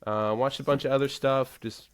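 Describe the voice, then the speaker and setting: A man's voice: medium pitch, steady tone, moderate pace, clean tone, no room sound. A man co-hosting a casual movie podcast, laid-back and rambling with many fillers. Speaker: podcast co-host.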